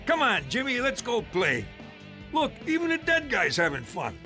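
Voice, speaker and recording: Brief: boastful, crude cartoon uncle, high and sharp-toned. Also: male voice, huge pitch swings, normal speed, faint music behind, full character voice. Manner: coarse, boastful. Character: crude, many-times-divorced older male uncle.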